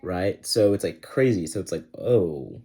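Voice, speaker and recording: A man's voice: deep voice, normal speed, darkish tone. A young man giving a casual, rambling book review, full of slang and filler words.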